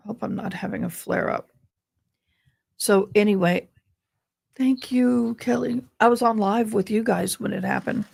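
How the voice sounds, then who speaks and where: A tired, grieving woman hosting a casual livestream chat, talking slowly with frequent pauses and ums. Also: mid-range voice, steady tone, gravelly, darkish tone, slightly rough. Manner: slow, meandering, with frequent ums. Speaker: livestream host.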